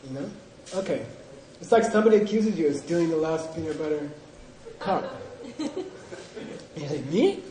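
Guy teaching a class, coaxing and teasing students, mellow tone, echoey room. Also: on the high side, moderate pace, pauses often, slight background noise. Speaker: Buddhist philosophy teacher. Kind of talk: classroom lecture with call-and-response drills.

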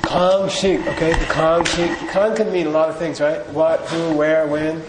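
A man teaches a class in a slow, unhurried way, his voice somewhat high for a man. He jokes with the students and leads them through recitation together. The recording echoes around the room, with steady noise clearly audible behind him. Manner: casual, joking, leads group recitation. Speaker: Buddhist philosophy teacher.

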